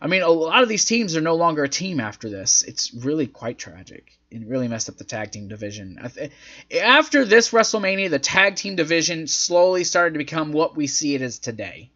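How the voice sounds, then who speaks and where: Higher-voiced man recapping casually, lo-fi. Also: big pitch swings, a little fast, bright, forceful tone. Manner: rambling, filler-heavy retelling. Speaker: host. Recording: dull lo-fi audio.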